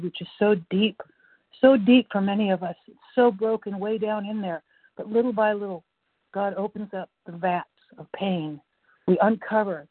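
A woman's voice: mid-range voice, slightly rough, no room sound. Earnest woman sharing on a phone line. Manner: earnest, reflective, building to fervent. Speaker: meeting member sharing. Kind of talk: recovery meeting share. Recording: tinny phone line, dry.

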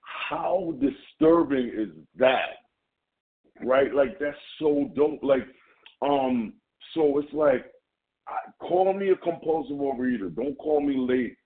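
A man with a Jamaican accent sharing casually and playfully at a recovery meeting, full of slang and banter. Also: mid-range voice. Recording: tinny phone line.

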